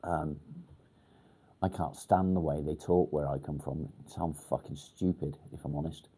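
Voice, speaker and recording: A man from near Warrington in England, chatting casually on a livestream and reading comments, pausing often to think and filling gaps ums. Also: very deep voice, steady tone, dark tone, slightly rough. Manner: halting, pauses to think with many ums; swears casually. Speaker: livestream host.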